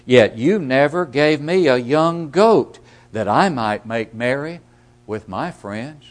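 A man's voice: medium pitch, lively intonation, slow pace. A man voicing a resentful, self-righteous elder brother who complains indignantly in a sermon.

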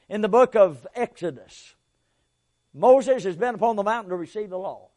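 A man preaching a sermon, emphatic, swinging from loud to quiet, with folksy asides and repeated phrases. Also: sits high.

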